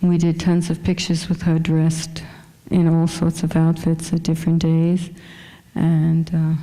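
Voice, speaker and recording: Woman, small voice, dark mellow tone, flat low pitch, anecdotal chat. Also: a little slow, long reverb tail, rough recording. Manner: chatty, anecdotal, with many fillers. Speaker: fashion photographer guest. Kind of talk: casual talk presenting her photos. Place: lecture hall at a museum.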